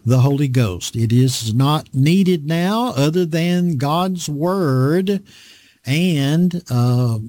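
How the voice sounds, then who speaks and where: A man preaching a Bible study, reading scripture slowly and pausing often with fillers. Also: on the high side, expressive, warm tone. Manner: slow, deliberate reading with frequent fillers.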